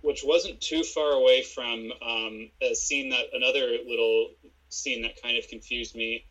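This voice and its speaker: Bright, husky-voiced deadpan man. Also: mid-range voice, unhurried, muffled recording. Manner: dry, deadpan critique with timestamps. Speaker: podcast co-host. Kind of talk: casual episode recap chat.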